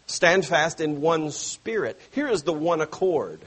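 A man preaching a sermon to his church, stressing phrases slowly and dropping suddenly soft. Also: on the high side, animated. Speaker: pastor.

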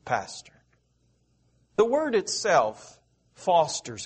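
A man's voice: fairly high pitch, big pitch swings. A middle-aged man from the American South, preaching a sermon and asking his listeners questions. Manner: slow, repetitive, asks the audience questions.

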